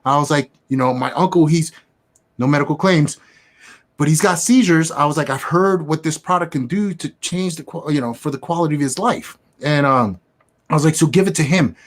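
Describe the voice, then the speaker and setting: Young guy on an interview, cursing a lot, acting out the convos, kinda high voice. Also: a little fast. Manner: animated, profane, acts out quoted dialogue. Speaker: guest, business affiliate. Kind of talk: casual storytelling interview.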